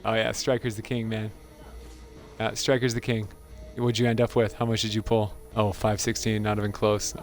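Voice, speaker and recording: A man's voice: on the low side, flat delivery, moderate pace, faint music behind. A man hosting a gaming channel, giving casual gameplay commentary in an amused, chatty way and laughing often.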